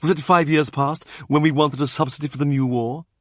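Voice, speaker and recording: A man's voice: fairly high pitch, steady tone, brisk, no room sound, pitched above the performer's own voice, natural voice. Man voicing a weary, wry old cardinal. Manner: dry, gently ironic. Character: weary, wry elderly male cardinal, fallen from power.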